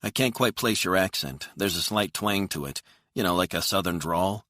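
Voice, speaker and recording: Guy doing a higher, friendly mom voice, curious, dry close sound. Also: normal speed, sharp tone, no room sound. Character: woman, a warm suburban wife and mother.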